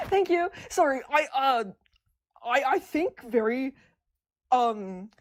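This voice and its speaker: Woman streamer, high-pitched, stuttery, gushing casual chat. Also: slow pace. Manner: excitable, stutters and restarts words. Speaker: streamer discussing comics with chat.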